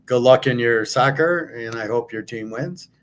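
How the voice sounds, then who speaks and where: A man's voice: medium pitch, moderate pace. An American man hosting his own show, talking casually and bluntly in a rambling monologue full of fillers. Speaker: sports betting handicapper and host. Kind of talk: casual monologue answering a viewer question.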